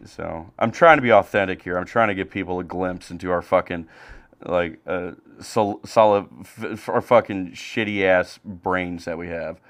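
A young man co-hosting a podcast, ranting angrily and profanely about baseball, swinging between loud outbursts and low mutters. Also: normal speed. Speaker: podcast co-host. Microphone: home streaming mic.

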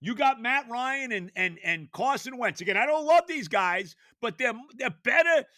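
A man, ranting on his sports podcast, exasperated and stammering, often shouting. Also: very high-pitched, expressive, normal speed, no room sound. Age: 70s. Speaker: podcast host.

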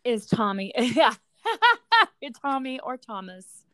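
A woman's voice: fairly high pitch, expressive, slow pace, fairly bright tone, smooth, no room sound. A woman co-hosting a podcast, chatting casually, swearing freely and laughing often. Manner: swears a lot, laughs often, blunt reactions. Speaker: podcast co-host. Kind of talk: casual chat.

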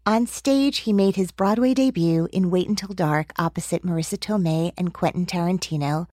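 A woman hosting an interview, asking lively, teasing questions and laughing easily. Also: fairly low pitch, normal speed, no echo, studio quality. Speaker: interview host. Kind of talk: interview conversation.

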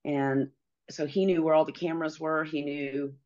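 Middle-aged woman guest, deep-toned and earnest, recounting her story haltingly over a dull, muffled recording. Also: steady tone, a little mellow. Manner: earnest, halting, many pauses and fillers. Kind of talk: personal storytelling.

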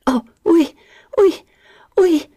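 A woman voicing a passionate woman with a high, breathy, panting voice. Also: quick pace, darkish tone, no echo, studio quality.

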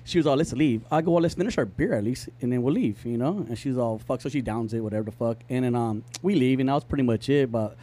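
A man's voice: mid-range voice, fast, few pauses, warm tone. A man telling a long story in casual podcast chat, rambling and profane, with many fillers. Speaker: podcast co-host.

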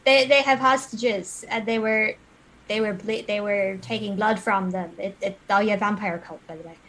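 A woman playing her character in a tabletop role-play, brisk and playful. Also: mid-range voice, steady tone, fairly bright tone, poor audio. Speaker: player.

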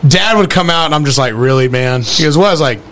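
A man co-hosting a podcast in casual chat, trading crude banter and quick anecdotes. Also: on the high side, lively intonation, a bit bright. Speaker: podcast co-host.

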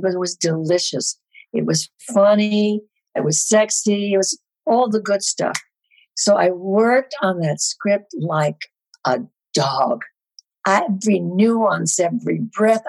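An older woman, a guest actress, telling animated stories on a podcast with a husky voice. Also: mid-range voice, poor audio. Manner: animated storyteller. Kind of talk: podcast storytelling.

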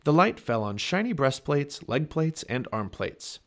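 A man reading a children's chapter book aloud, with expressive storybook narration. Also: on the high side, a little slow. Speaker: family podcast reader.

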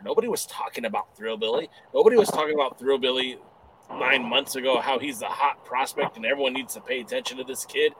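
A man's voice: medium pitch, a little hiss or hum, poor audio. A man co-hosting a casual wrestling podcast, talking enthusiastically in long run-on stretches. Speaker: podcast co-host.

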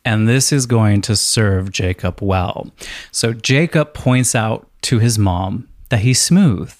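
A man's voice: on the low side, slow pace, no echo. Wry man reading scripture, dry sound. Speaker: podcast co-host. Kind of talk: casual chat and scripture reading.

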